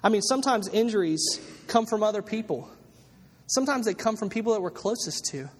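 A man with a high voice preaches a sermon, telling a long story with plenty of ums and restarts. His voice rings out with a long hall reverb around it. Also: lively intonation, brisk. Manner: storytelling with many fillers and restarts. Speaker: pastor.

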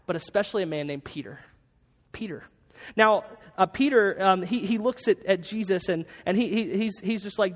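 A pastor preaching a sermon in a church, earnest and halting, with frequent restarts. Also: male voice, high-pitched, big-room sound.

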